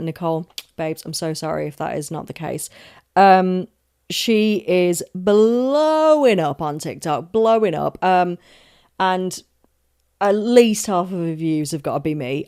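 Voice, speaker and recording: A woman's voice: on the low side, a little mellow, clean tone. A young woman from London, hosting a solo podcast in a chatty, rambling, emphatic way, swearing often and making asides about herself. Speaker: podcast host. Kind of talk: casual solo podcast rant.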